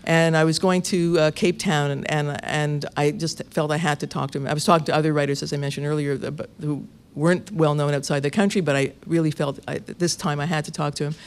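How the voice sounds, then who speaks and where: Guy, radio interviewer, chatty storyteller, kinda high voice, laughs a lot as he goes. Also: brisk, few pauses, clear, resonant tone. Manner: lively storyteller, laughs often, restarts phrases. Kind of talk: conversational anecdote.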